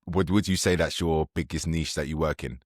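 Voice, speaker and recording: A man's voice: extremely low pitch, fairly even intonation, a little fast, no room sound, studio quality. A man hosting a podcast interview, asking questions in an eager, casual way. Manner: eager and casual, many short affirmations. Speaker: podcast host.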